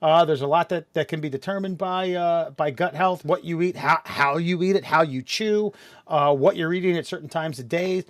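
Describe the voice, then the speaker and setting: A man hosting a casual podcast, swearing often and rambling in quick bursts. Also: fairly high pitch, dry recording. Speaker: podcast host.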